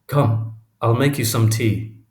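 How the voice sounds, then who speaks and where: A man playing a quiet, guarded professor. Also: medium pitch, slow pace, close to an everyday voice. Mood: hushed. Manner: quiet, careful murmur. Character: middle-aged male professor, gentle but guarded. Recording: roomy echo.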